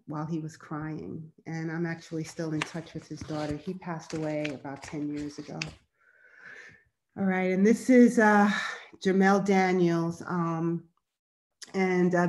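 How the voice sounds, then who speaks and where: A woman from New York, a journalist, reads passages from her books to an audience and tells the stories behind them in a soft, reflective way, with many fillers. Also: fairly low pitch, fairly even intonation, moderate pace, a little hiss or hum. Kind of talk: reading aloud and telling stories to an audience.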